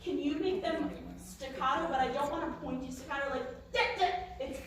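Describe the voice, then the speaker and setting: A woman leading a large band rehearsal, giving lively instructions and singing phrases to demonstrate. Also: sits high, fairly quick, a crowd in the background. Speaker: band conductor. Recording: echoey room from far off, with noise.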